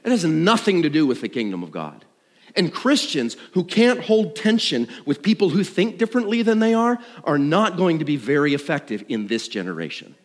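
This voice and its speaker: A middle-aged man preaching a sermon, swinging between loud and hushed. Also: on the high side, normal speed. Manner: animated, dramatic shifts between loud and hushed. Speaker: pastor. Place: church sanctuary. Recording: long reverb of a large hall.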